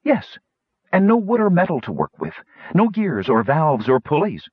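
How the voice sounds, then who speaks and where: A fiery woman warrior argues her case with force and conviction, as a male reader puts her on. The voice is husky and dry, with lively, swinging pitch. The sound is dull and lo-fi. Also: normal speed, dry recording, full character voice. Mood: persuasive. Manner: forceful, persuasive.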